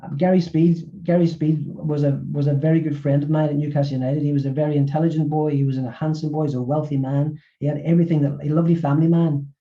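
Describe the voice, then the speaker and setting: A middle-aged man, an author and former physiotherapist, speaking in a webinar interview and talking haltingly with many repeated words. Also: on the high side, little pitch movement, muffled recording.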